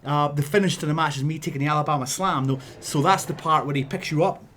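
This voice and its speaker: A Scottish man, a wrestler, telling a story in a casual vlog, animated and laughing, with punchy sound effects. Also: fairly high pitch, fast talker, slight background noise.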